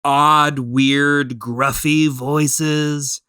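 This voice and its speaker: Slow-talking man, chatty podcast co-host. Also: a little high, fairly even intonation, sharp tone, smooth. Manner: chatty, hesitant with many "like"s and "um"s. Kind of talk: casual film review chat.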